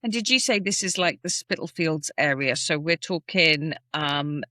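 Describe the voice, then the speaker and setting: A woman's voice: low-pitched, lively intonation, normal speed, bright, forceful tone, dry recording, clean studio sound. A woman co-hosting a podcast, chatting casually with emphatic asides over a video call. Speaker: podcast co-host. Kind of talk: casual chat.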